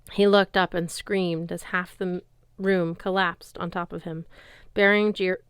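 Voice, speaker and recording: A woman reading a fantasy novel aloud as an audiobook narrator, in a lively storytelling way. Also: lowish voice, clean tone, dry recording, clean studio sound. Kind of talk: scripted narration.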